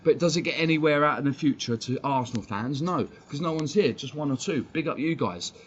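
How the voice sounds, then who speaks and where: A man's voice: fairly high pitch, expressive, brisk. A man ranting bluntly on a live fan stream, swearing and combative. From England. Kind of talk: heated live-stream rant. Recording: dull lo-fi stream audio, faint background noise.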